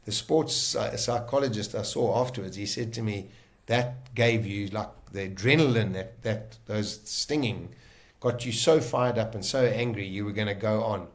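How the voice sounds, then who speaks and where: A man telling his own survival story in casual talk, vivid and emotional, often pausing and restarting. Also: fairly low pitch.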